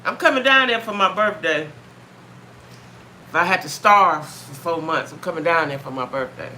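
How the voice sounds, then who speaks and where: Chatty bright-voiced woman on a live stream. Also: lowish voice, normal speed, slight background noise. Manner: chatty, greets viewers by name, repeats herself. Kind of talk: casual live-stream chat. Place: home. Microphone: phone or webcam.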